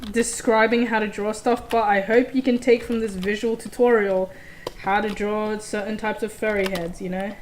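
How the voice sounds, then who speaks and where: A woman's voice: medium pitch, little pitch movement, moderate pace, slight background noise, poor audio. A woman streamer chatting casually on a live stream, brash and swearing, snapping at her friend between reading the chat.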